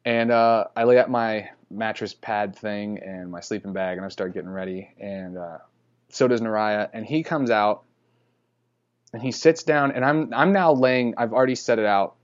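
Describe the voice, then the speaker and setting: A man's voice: lowish voice, moderate pace, lo-fi sound. A man telling a story in a rambling, casual way, often correcting himself and chuckling. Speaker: podcast host.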